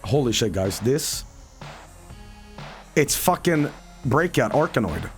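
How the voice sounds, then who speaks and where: A man's voice: medium pitch, sing-song, takes it slowly, faint music behind. A man streaming a video game, rambling and profane about a dream and the game. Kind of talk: casual game stream commentary.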